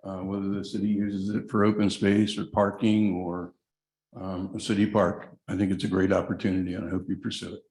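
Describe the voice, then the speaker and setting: A man's voice: low-pitched, little pitch movement, a little fast, a little mellow. A man, a nearby property owner, giving a brief, plainly supportive public comment at a city hearing. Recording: echoey meeting room.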